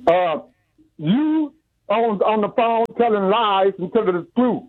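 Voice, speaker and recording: A man's voice: high voice, expressive, a little slow, no echo. A man calling in to a radio show, accusing the host and repeating himself, over a muffled phone line. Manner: accusing, repetitive. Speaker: caller.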